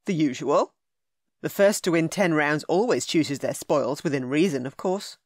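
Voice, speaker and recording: A woman voicing a stern, grouchy young gentleman duke in an audiobook, speaking low and firm. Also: normal speed, no echo, studio quality. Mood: gruff.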